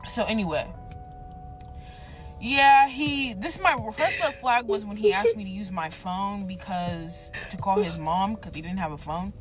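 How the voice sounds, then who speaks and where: A woman's voice: mid-range voice, lively intonation, a little slow, soft background music. Blunt rambling woman telling a story. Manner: blunt, rambling, acts out quoted voices. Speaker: storyteller in a played clip. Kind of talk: casual story time.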